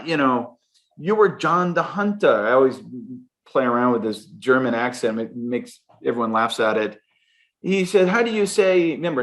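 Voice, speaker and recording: Candid middle-aged man telling a story. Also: mid-range voice. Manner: candid, animated, fast bursts. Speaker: podcast guest, sales executive. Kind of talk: storytelling interview answer.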